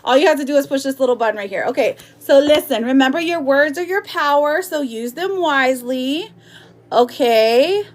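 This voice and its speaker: A woman's voice: high-pitched, moderate pace. Giggly, affectionate woman doing live tarot. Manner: giggly, affectionate, chatty, reads viewer comments aloud. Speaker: tarot reader. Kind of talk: live-streamed tarot reading.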